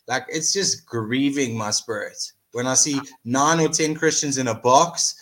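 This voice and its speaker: An easygoing man co-hosting a podcast, with a bright, forward tone. He chats casually and laughs often. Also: mid-range voice, a little slow. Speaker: podcast co-host. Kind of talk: casual chat.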